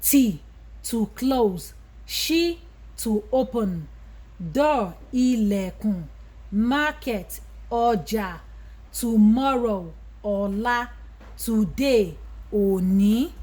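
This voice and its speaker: A woman's voice: a little high, animated, extremely slow, a little mellow, husky. A woman with a Yoruba accent, teaching a language lesson, who says each Yoruba word and then gives its English meaning. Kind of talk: slow vocabulary lesson.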